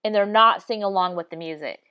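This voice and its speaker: A woman's voice: medium pitch, fast talker, very noisy. A woman giving casual commentary over video clips, talking insistently, repeating her points and restarting mid-sentence. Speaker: video analysis vlogger.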